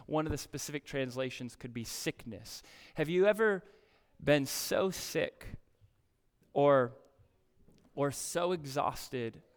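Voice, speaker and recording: A man's voice: on the high side, smooth. A man preaching a sermon as a pastor, reading scripture emphatically and asking the congregation questions.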